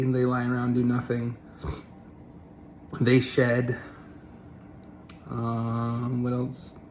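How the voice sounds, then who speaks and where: A man's voice: mid-range voice, a little hiss or hum. A man giving a casual, rambling opinion rant as a vlogger, blunt and swearing freely.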